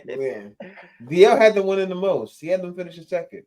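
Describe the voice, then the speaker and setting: A man's voice: sits high, brisk. A man co-hosting a sports podcast, arguing football picks in a loose, swearing, laughing way. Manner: animated, swearing, laughs a lot. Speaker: podcast co-host. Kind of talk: casual sports debate.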